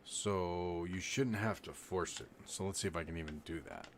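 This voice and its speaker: A man with a very low voice guides a breathing exercise over a live stream. He talks in a loose, rambling way, demonstrating as he explains. A faint hiss sits under the recording. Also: normal speed. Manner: relaxed, rambling, demonstrates while talking. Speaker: livestream meditation teacher. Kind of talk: casual live-stream instruction.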